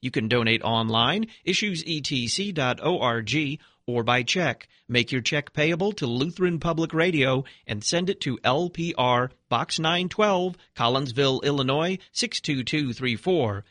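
A man hosting a radio talk show, reading announcements and introducing his guest in a smooth, practiced delivery. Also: medium pitch, animated, unhurried, few pauses, a bit bright, dry recording, studio quality.

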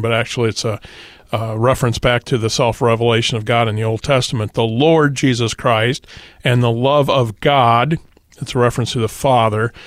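A man speaks as a pastor on a radio discussion, patient and teacherly as he works through verses, with the odd "uh" along the way. His voice sits at an ordinary pitch. The recording is close and dry, with no room sound. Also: dry recording. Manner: teacherly, quotes scripture, occasional fillers. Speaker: pastor, guest. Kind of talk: radio discussion, explaining doctrine.

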